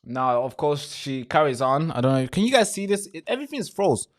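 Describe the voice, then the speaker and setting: A man's voice: a little high, big pitch swings, fairly quick. A man hosting a live stream with commentary, talking straight to his viewers, swearing freely and often repeating himself or restarting phrases.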